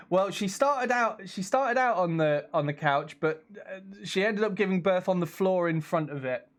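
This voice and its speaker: A man's voice: high-pitched, expressive, normal speed. A young man streaming a video game from his home computer, chatting casually, reacting aloud to the action and reading messages from his viewers. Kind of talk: casual live-stream commentary.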